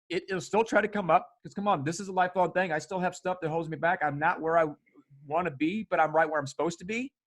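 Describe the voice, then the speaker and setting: Brief: higher-pitched middle-aged male host, emphatic, animated, salty language. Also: quick pace. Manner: animated, emphatic, swears freely. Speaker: podcast host. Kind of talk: casual conversation.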